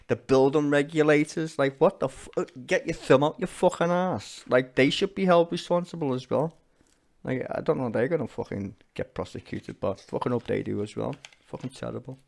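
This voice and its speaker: A man's voice: medium pitch, moderate pace, vocal fry, darkish tone. A man with a Liverpool accent, a streamer ranting angrily and swearing bluntly as he reacts to parliament. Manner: sweary, blunt, angry rant. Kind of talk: ranting commentary.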